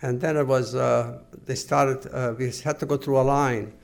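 Older man with a gravelly voice. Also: medium pitch, level tone. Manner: halting, full of pauses and restarts; measured, earnest recounting. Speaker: interviewee. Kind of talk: oral history testimony.

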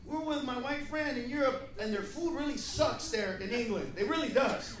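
Foul-mouthed stand-up guy, high voice, echoey club mic from far off, crowd laughing loud. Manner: profane, rapid, animated storytelling. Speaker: stand-up comedian. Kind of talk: stand-up routine. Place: live comedy club.

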